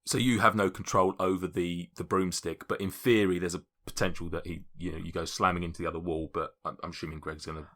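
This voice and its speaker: A man narrating as game master, chatty and quick to laugh. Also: sits low, flat delivery, fairly bright tone. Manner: chatty, laughing often, casual swearing.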